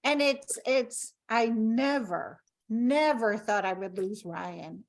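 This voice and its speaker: A middle-aged woman hosting a podcast interview, speaking gently and in a measured way from her own experience. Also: fairly high pitch, animated. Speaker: podcast host. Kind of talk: conversational interview.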